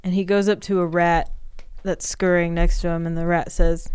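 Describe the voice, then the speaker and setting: A woman comedian with a smooth, clear voice improvises an absurd story on a podcast. She mixes deadpan asides with giggles, recorded close and dry. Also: on the low side, normal speed, dry recording. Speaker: comedian guest.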